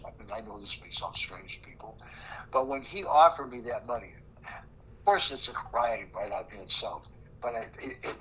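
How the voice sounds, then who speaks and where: An older man recounts an old case as a guest on an interview show. His voice is bright and a bit husky, and he acts out what people said to him with emphasis. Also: medium pitch, low-quality recording. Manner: emphatic, acts out quoted dialogue. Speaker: former prosecutor, guest. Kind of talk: storytelling interview.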